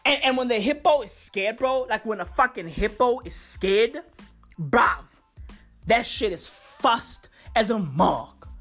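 A woman's voice: a little high, lively intonation, slow pace, fairly bright tone, soft background music. A woman on a comic rant, slangy and profane, repeating lines for effect. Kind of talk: comedic rant.

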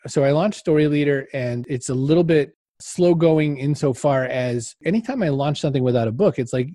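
Male interview guest, lively anecdotal delivery, slightly high mellow voice, dry close sound. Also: dry recording. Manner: animated anecdotes, acts out quotes, laughs often. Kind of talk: casual storytelling in an interview.

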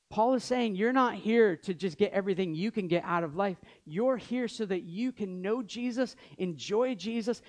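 A man in his thirties preaching a sermon in a conversational way, with joking asides. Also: sits high. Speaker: pastor.

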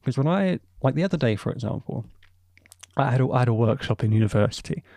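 A man's voice: mid-range voice, expressive, fast, creaky, warm tone, no room sound. A young man, a university student hosting a podcast, giving a rambling, opinionated solo monologue full of asides. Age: young adult. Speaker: podcast host.

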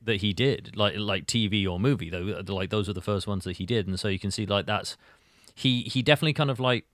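A man hosting a casual podcast chat about a film, talking in an animated, rambling way. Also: lowish voice, brisk, no echo, studio quality. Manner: animated, rambling, acts out quotes. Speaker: podcast host.

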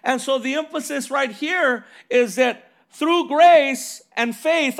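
A man's voice: very high voice, slow pace, creaky, hardly any pauses, a bit bright. A man preaching a sermon, reading scripture and asking rhetorical questions punctuated with "amen" and "right?".

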